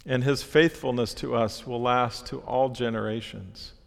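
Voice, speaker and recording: A man preaches in an earnest, steady way, working slowly through his points with small restarts. His voice is mid-pitched, and it rings out with a long reverb in a church hall. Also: creaky. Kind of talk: sermon.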